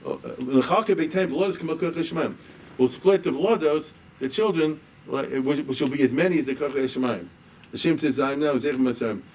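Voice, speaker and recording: A rabbi lecturer with a darkish voice on the high side explains a liturgical poem at normal speed. He reads it line by line, paraphrasing each with casual asides and checks like "right?". The mic is distant, with faint background noise.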